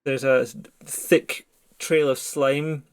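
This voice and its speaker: A man narrating as game master of a tabletop horror game, in a calm, descriptive way. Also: medium pitch, slow pace, smooth.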